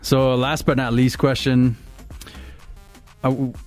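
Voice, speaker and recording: A man hosting a casual studio interview, upbeat and quick, leading his guests with questions. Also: medium pitch, little pitch movement, faint music behind. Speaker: podcast host.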